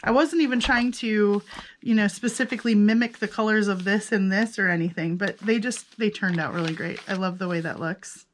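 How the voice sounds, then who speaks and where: A woman's voice: mid-range voice, brisk, a little hiss or hum. A woman casually narrating a flip-through of her handmade journals, chatty and self-amused, thinking aloud as she goes.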